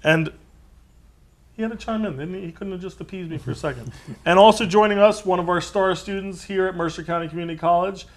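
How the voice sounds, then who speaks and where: A man's voice: high voice, quick pace. A man hosting a college cooking show, introducing guests with teasing jokes. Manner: jokey, teasing banter. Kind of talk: casual studio chat.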